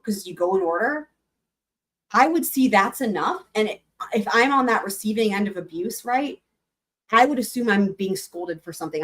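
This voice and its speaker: Brief: woman streamer, mid pitch, loose rambling commentary full of "like" and "right?", addressing chat. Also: fairly bright tone. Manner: rambling, frequent fillers, talks to chat. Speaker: livestream host. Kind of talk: casual live commentary.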